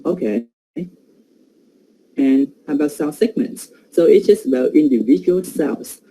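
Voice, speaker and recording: Man, academic presenter, very dark mellow tone, hesitant, filler-heavy, faint background noise. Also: fairly high pitch, expressive, unhurried, low-quality recording.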